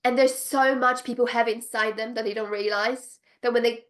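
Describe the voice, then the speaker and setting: A woman's voice: fairly high pitch, normal speed. A woman business coach speaking straight to her viewers, gushing and emphatic, repeating her phrases to drive them home. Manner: bursts of excited laughter. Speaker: business coach for spiritual entrepreneurs. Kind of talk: direct-to-camera pitch.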